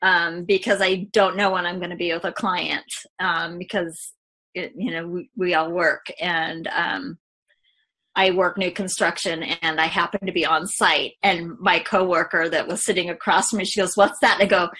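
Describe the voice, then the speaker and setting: Woman agent, bright forceful voice, talks candidly and rambles a bit; good for a client testimonial read. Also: on the low side, level tone, moderate pace. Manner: candid, rambling, with many fillers. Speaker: real estate agent. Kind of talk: testimonial interview.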